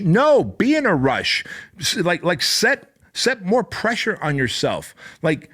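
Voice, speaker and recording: A man's voice: high voice, big pitch swings, moderate pace, breathy edge. Intense profane motivational man. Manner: intense, profane, rising to shouting fervor. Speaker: podcast host. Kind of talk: motivational monologue.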